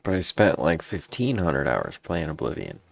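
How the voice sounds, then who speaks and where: Low, gravelly man rambling to himself. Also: wildly swooping pitch, moderate pace, no room sound. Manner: rambling, grumbling aside to himself. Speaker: streamer. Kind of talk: casual commentary while editing video.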